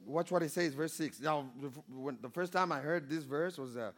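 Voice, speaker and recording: A man preaching a sermon as pastor, calling for amens and swinging between loud exhortation and quiet storytelling. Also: a little high, a little fast, hardly any pauses. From Zimbabwe. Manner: preaching with rising calls for amen and audience response.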